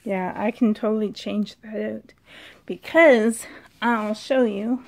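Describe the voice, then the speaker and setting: A woman vlogging casually from a dim room at home, chatty and excitable, sometimes dropping to a whisper, filmed on a handheld camera. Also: medium pitch, slow pace, vocal fry. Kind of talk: casual vlog chat.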